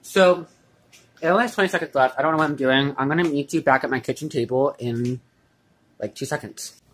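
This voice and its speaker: A man's voice: medium pitch, a little fast, fairly bright tone, slight background noise. A young man chatting casually in his home kitchen while baking for his vlog, rambling and self-mocking, with lots of fillers and swearing. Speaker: vlogger.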